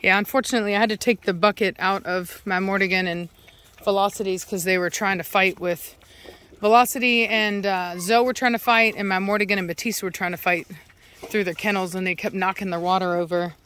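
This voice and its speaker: A woman's voice: mid-range voice, steady tone, fairly quick, smooth. Rambling woman vlogging outdoors. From Texas. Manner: rambling and chatty, full of "like" and "um", breaks off to yell for her dogs. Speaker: dog kennel owner. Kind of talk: casual vlog chat. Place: outdoors on a rural property.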